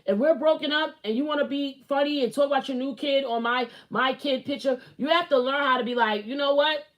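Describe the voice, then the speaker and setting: A woman with a somewhat high voice talks straight into her own show, spilling blunt opinions. She rambles, circles back and repeats herself. Her delivery is casual and full of fillers. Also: a little fast, fairly bright tone, highs cut off. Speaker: host. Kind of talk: casual celebrity gossip commentary.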